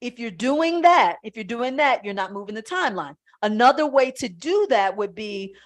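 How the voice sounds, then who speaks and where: A woman spiritual coach teaching on a live stream, talking in an emphatic, conversational way that gets loud at times. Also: on the high side, animated, moderate pace, hardly any pauses.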